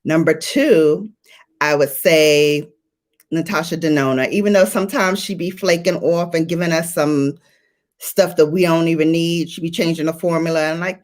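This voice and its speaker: A woman's voice: sits low, fairly even intonation, moderate pace, darkish tone. A woman hosting a beauty livestream, chatting playfully and greeting viewers by name. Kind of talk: casual livestream chat.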